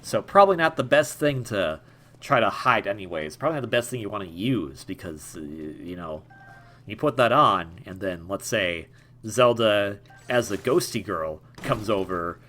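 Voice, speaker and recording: A man's voice: fairly low pitch, animated, normal speed, fairly bright tone. A young man giving casual, jokey let's-play commentary, rambling and stammering over repeated words. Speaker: gaming YouTuber.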